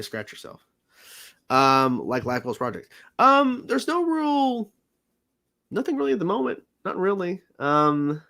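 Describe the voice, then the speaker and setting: A man's voice: medium pitch, a bit bright. A man hosting a livestream, chatting casually with viewers, laughing often and rambling with restarts and fillers. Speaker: livestream host.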